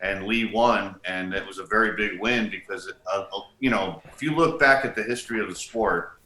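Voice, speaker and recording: A middle-aged man co-hosting a podcast, recounting details and dates in a steady, casual way. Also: on the low side, moderate pace. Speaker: co-host and bodybuilding historian. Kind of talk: casual conversational chat. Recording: echoey room.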